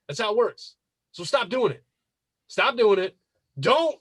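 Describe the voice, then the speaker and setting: A man's voice: high-pitched, very animated, unhurried, fairly bright tone, husky, no echo. A man hosting a podcast, ranting casually with emphatic, repetitive and profane advice. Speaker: podcast host.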